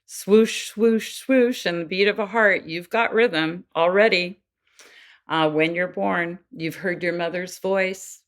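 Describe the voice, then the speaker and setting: Woman, low voice, earnest, explanatory podcast guest. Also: fairly even intonation, unhurried, a bit bright. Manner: earnest, acts out voices in quotes. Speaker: guest expert on child development.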